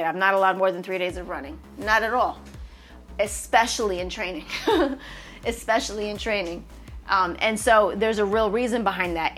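A woman's voice: mid-range voice, a bit bright. A woman running coach giving an emphatic, motivational podcast talk that repeats its points and promotes herself, with faint music behind her. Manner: emphatic, repetitive, self-promoting.

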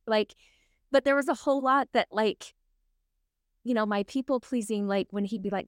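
A woman co-hosting a talk podcast in a relaxed, conversational way. She tells stories by acting out both sides of a dialogue and peppers her speech with "like" and "right?". The sound is close and dry, with no room echo. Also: a little high, quick pace. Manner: storytelling, reenacts dialogue with frequent "like" and "right?". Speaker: podcast co-host. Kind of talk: casual chat.

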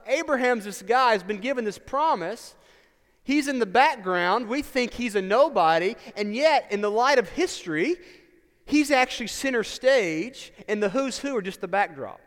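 A man's voice: high-pitched, clear, resonant tone, big-room sound. A male pastor, preaching a sermon in a conversational way, with asides and rhetorical questions.

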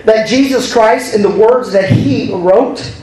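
High-voiced pastor preaching in an echoey room. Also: male voice, a little slow, warm tone, far from the mic. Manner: storytelling with laughs, call-and-response. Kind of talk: sermon. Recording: roomy echo, from the mic.

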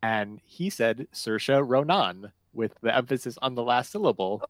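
A man hosts a relaxed podcast conversation with friends. His voice sounds close and dry, with no room echo at all. He rambles, hedges and corrects himself as he goes. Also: mid-range voice, moderate pace. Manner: rambling, self-correcting, unsure. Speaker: podcast host. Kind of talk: casual chat.

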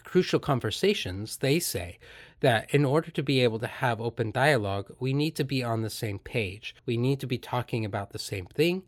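Earnest calm man explaining. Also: mid-range voice. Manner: earnest, explains calmly, acts out quoted dialogue. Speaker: podcast host and therapist. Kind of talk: reflective solo podcast talk.

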